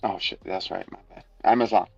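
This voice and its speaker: A man's voice: low voice, steady tone, brisk, creaky, slightly rough, lo-fi sound, faint music behind. A man co-hosting a casual comedic show review, joking and rambling playfully. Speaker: podcast co-host.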